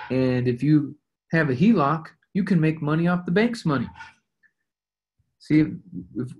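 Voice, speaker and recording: A man leading a team call as a real estate investing coach, talking conversationally and acting out sample conversations. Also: on the high side. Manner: conversational, acts out sample dialogues.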